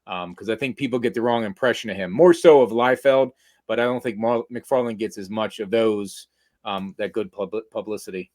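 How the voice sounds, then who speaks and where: A man's voice: lowish voice, normal speed, a little mellow. A man hosting a podcast, making hesitant, thoughtful remarks in casual conversation. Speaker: podcast host. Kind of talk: casual interview chat.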